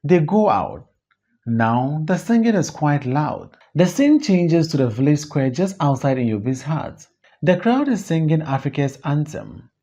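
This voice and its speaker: Slow husky reader doing a whole play solo, dull lo-fi sound. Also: mid-range voice, dark tone. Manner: reads stage directions and all parts alone. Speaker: audiobook reader. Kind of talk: reading a stage play aloud.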